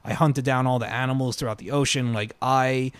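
A man chatting casually about video games, an animated storyteller who bursts into loud pirate cries. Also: medium pitch, a little fast, smooth, no room sound.

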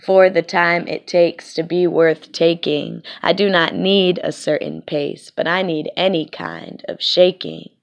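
A woman poet performing spoken-word poetry with a measured, rhythmic, deliberate delivery. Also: lowish voice, lively intonation.

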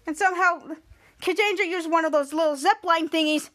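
Recapping a TV episode on her podcast, a woman rambles casually and keeps repeating "somehow" and "cut to." She speaks briskly in a very high, slightly bright voice.

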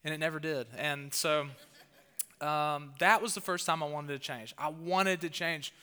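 A man's voice: a little high, measured pace, clean tone, big-room sound. A man with a Southern US accent, preaching a sermon in a church and telling stories with rising emphasis. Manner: animated storytelling with rising emphasis. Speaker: pastor. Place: church hall.

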